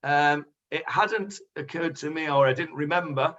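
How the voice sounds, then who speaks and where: A man, a rabbi leading a Bible study class, thinking aloud with many pauses and fillers as he answers his students. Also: a little high, a bit bright. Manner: thoughtful, hesitant with many fillers. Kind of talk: teaching and discussing with students. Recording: lo-fi recording.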